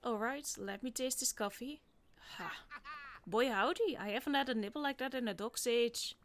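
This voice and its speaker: A woman reading as a gruff old duck tycoon. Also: on the high side, moderate pace, natural voice. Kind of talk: reading game dialogue aloud.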